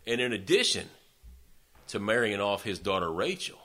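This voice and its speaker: Delivering a sermon story, this preacher has a lowish male voice and speaks at normal speed. He's folksy and lively, frequently turning to speak straight to the congregation.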